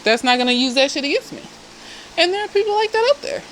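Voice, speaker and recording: A woman therapist reviewing a TV episode in casual chat. She is animated and blunt, swears freely and keeps drifting into asides. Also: high-pitched, fast talker, slight background noise, rough recording. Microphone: self-filmed camera.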